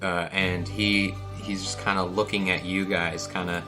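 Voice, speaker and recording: Raspy, low-voiced man narrating a game. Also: flat delivery, measured pace, over music. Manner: meandering, with many fillers and restarts. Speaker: game master.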